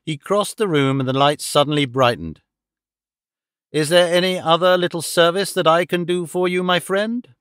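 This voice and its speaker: A man playing a cold gloating villain, mocking, menacing, raised pitch, dry room. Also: normal speed, fairly bright tone, smooth, dry recording, close to an everyday voice. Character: cold gloating male villain, middle-aged.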